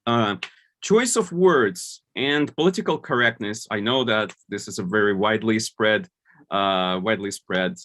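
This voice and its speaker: A man's voice: mid-range voice, fairly bright tone. A man giving an online conference talk, explaining points with many fillers and restarts. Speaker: conference speaker.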